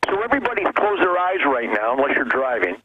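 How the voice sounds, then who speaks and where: A man calling in as a guest, talking with fervent, preachy passion, his voice swinging from low to high. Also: very animated, quick pace. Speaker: caller-in guest. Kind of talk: fervent call-in commentary. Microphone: telephone. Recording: muffled noisy phone line.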